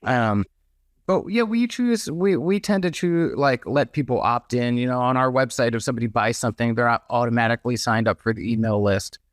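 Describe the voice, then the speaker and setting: A man's voice: mid-range voice, a little fast, no room sound, clean studio sound. A man speaking as a podcast guest in casual conversation, talking loosely with frequent restarts. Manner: conversational, many restarts and hedges. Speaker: podcast guest, merch business owner.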